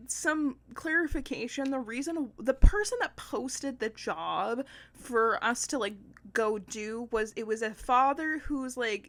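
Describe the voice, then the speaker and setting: A young woman with a fairly high voice chats casually as a podcast co-host. She rambles through her story with constant fillers and the odd swear word, often breaking into laughter. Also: fairly bright tone. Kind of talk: casual chat.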